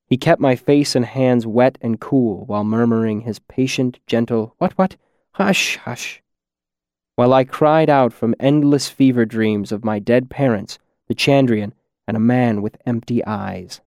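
Man reading a quiet audiobook. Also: mid-range voice, moderate pace, no echo, studio quality. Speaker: audiobook narrator. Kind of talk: first-person audiobook narration.

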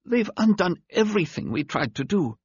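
A man's voice: high-pitched, sing-song, moderate pace, no room sound, lo-fi sound, voice pushed up, exaggerated voice. A man voicing a dying male alien who speaks in a weak, urgent voice, in an audiobook. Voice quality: weak, breathy.

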